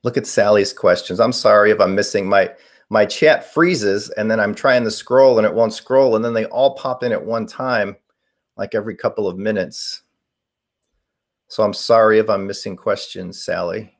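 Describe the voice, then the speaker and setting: A man's voice: on the low side, normal speed. A man in his forties hosting a casual live stream, answering viewer questions in a rambling way with many fillers. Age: 40s. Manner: rambling, reading chat questions aloud with fillers. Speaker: paranormal live-stream host.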